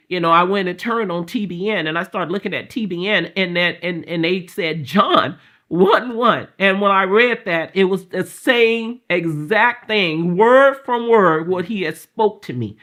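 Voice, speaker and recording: Middle-aged woman, testimony guest, bright voice, chatty and fervent storytelling. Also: fairly low pitch, normal speed, hardly any pauses. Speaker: guest sharing her faith testimony. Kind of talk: emotional personal testimony.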